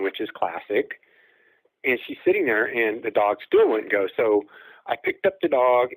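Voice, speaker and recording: A man's voice: mid-range voice, no room sound, rough recording. A man telling a long personal encounter story as a guest caller, rambling, with fillers and acted-out quotes.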